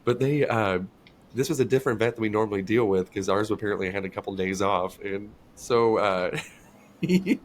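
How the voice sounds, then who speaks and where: Animated, profane male storyteller. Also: on the low side, moderate pace, slight background noise. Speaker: podcast co-host. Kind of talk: casual podcast chat.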